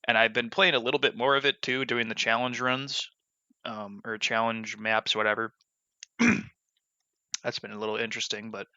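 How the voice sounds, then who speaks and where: A male let's-play gamer comments casually while playing, rambling with lots of fillers and restarts. His mid-range voice is pushed and bright, clear and resonant, recorded on a dull lo-fi mic with no room sound.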